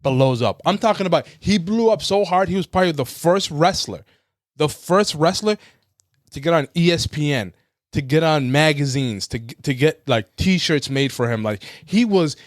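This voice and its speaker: A man's voice: fairly high pitch, lively intonation, moderate pace, no echo. Rambling, swearing podcast guy, dry sound. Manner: rambling storyteller, swears freely, acts out quotes. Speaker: podcast co-host. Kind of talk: casual chat.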